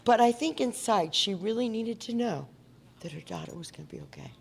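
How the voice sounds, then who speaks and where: A woman's voice: fairly high pitch, expressive, brisk, vocal fry, a little hiss or hum. A woman from Indiana speaking at a recovery meeting, telling her story in an earnest, conversational way and asking the audience questions. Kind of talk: personal recovery talk at a meeting. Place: meeting hall before an audience.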